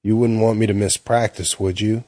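A man's voice: on the low side, flat delivery, normal speed, warm tone, no room sound, natural voice. A man voicing a sneering, athletic teenage boy who bullies his brother in a storybook reading. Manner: sneering, mocking.

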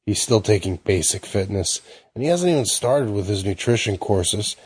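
A pushy, falsely friendly salesman, voiced by a man reading a story. The voice sits low with a slightly husky edge, and it is coaxing and relentless. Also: animated, moderate pace, darkish tone, dry recording. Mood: persuasive. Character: smooth pushy adult male salesman.

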